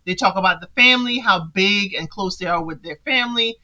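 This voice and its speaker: A woman's voice: mid-range voice, brisk, bright, forceful tone, lo-fi sound. A woman hosting a reality TV recap who talks in a sassy, casual way and speaks straight to the people she discusses. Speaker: recap podcast host.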